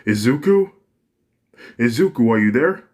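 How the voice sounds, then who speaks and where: A man's voice: low-pitched, slow pace, slightly rough, full character voice. A man voicing a worried, earnest teenage boy in a fan story, speaking hesitantly. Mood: urgent.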